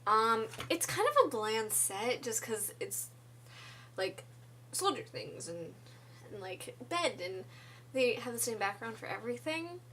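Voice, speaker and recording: A woman's voice: a little high, very animated, unhurried, fairly bright tone, slight background noise. A woman casually recapping a musical's story for her vlog, rambling with lots of "like" and fillers and giggly asides. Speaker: musical theatre vlogger.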